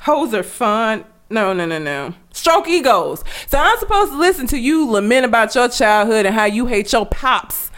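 A woman's voice: fairly high pitch, very animated, normal speed, few pauses, fairly bright tone. A young woman chatting casually on a podcast, ranting and laughing, swearing freely. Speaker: podcast co-host. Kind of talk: casual chat.

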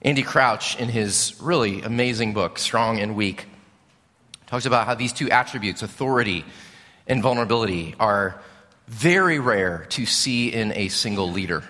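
A male preacher giving a sermon, telling the story with animated storytelling that swells and drops. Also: on the low side, moderate pace. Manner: animated storytelling, rising and falling. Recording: long reverb of a large hall.

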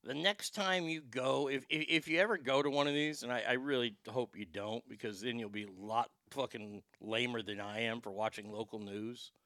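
A man's voice: medium pitch, normal speed, hardly any pauses, pushed and bright, no room sound. A man hosting a show and delivering heated, sarcastic ranting commentary that is full of profanity. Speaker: show host.

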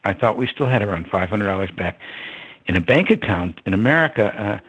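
An older man as an interview guest, telling a personal story in a reflective way, chuckling now and then and pausing on fillers. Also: lowish voice, expressive, fairly bright tone, slightly rough, rough recording.

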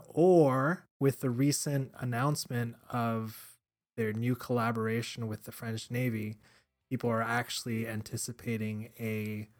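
A man co-hosting a casual podcast, easygoing and quick to laugh. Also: medium pitch. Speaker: podcast co-host. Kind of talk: casual chat.

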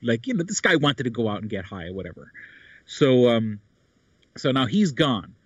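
A man's voice: mid-range voice, big pitch swings, moderate pace, husky, no room sound. A man in casual chat, rambling with many fillers and restarts. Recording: dull, dry sound.

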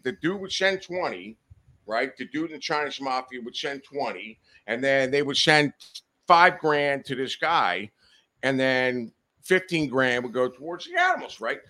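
Podcast guest, male, bright edge, animated and foul-mouthed, acts out voices in his tale. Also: medium pitch. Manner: profane, animated, acts out every voice. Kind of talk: casual storytelling. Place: podcast studio.

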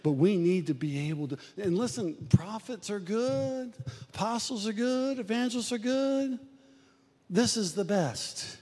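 A man preaching a sermon to a church, animated and acting out the voices he quotes. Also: measured pace, big-room sound. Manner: animated preaching, acts out quoted voices, rises and drops in pitch.

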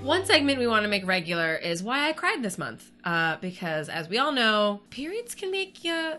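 A woman's voice: medium pitch, very animated, moderate pace, music in the background. A woman co-hosting a casual podcast chat, chatty and a bit profane, laughing often. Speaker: podcast co-host.

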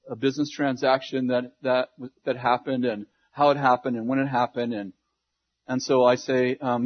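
A man's voice: medium pitch, highs cut off. A man preaching, telling a humorous, self-deprecating story with lots of restarts and quoted dialogue. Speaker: pastor. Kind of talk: sermon storytelling.

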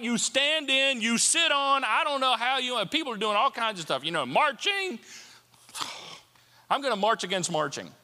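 A man preaching a sermon as a pastor, animated and playful, with jokes and asides. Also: sits high. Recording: long hall reverb.

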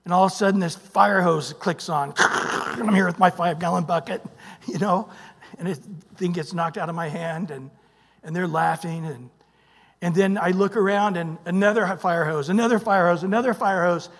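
A male pastor preaching a sermon, emphatic, swinging from loud bursts to hushed near-whispers and prompting the congregation with "what?". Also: high-pitched, moderate pace, big-room sound. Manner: emphatic, calls out "what?" for the congregation to fill in verses. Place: church sanctuary.

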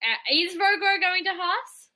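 A young Australian woman co-hosting a podcast, chatting casually and quickly with laughing asides. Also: very high voice, animated, sharp tone, rough recording. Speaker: podcast co-host. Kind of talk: casual chat.

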